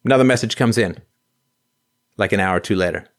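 A man's voice: lowish voice, fairly quick, pauses often. A man hosting a call-in show, telling a story casually, with stammering restarts and acted-out quotes.

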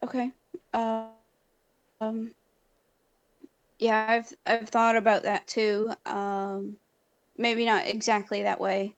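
A woman calls in to an advice show, her voice a little high. She speaks very slowly and haltingly, with many pauses and fillers, on a dry, close recording. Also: little pitch movement, no echo. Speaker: caller. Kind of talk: call-in conversation.

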